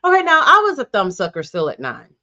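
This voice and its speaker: A woman's voice: medium pitch, huge pitch swings, fast, sharp tone, dull audio. A woman guest in a casual chat, giving teasing, opinionated takes on a reality TV episode. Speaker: guest co-host.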